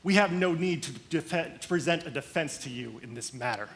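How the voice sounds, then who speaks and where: Three courageous women answer a ruler with calm resolve, as a male preacher speaks for them. The voice is fairly high for a man and steady, never raised. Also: normal speed, slight background noise. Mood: resolute.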